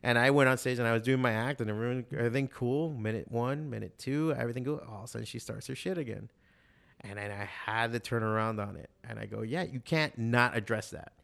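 A podcast guest who does stand-up, this man in his forties has a steady, slightly bright mid-range voice with vocal fry and a quick pace. He chats casually, telling rambling stories laced with profanity and fillers.

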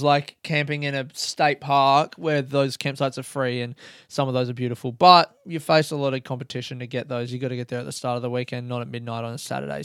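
A man's voice: medium pitch, a bit bright, clear, resonant tone, no echo, clean studio sound. A young man, a comedian, telling rambling, laugh-filled stories on his podcast and swearing freely. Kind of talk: casual storytelling podcast.

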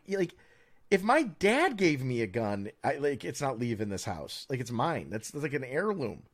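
A man's voice: medium pitch, sing-song, moderate pace. An American man co-hosting a podcast, chatting in a rambling, sardonic way with lots of stammered restarts. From United States. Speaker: podcast co-host. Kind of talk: casual opinionated chat.

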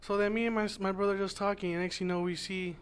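A man's voice: high voice, level tone, fast, smooth. A man telling a ghost story in casual, rambling podcast chat, swearing often and restarting his sentences. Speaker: podcast guest.

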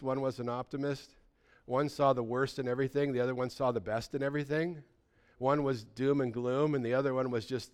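A man preaching a sermon, asking his listeners pleading questions and telling stories with lively energy. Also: medium pitch, smooth. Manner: animated storytelling, pleading questions. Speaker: pastor.

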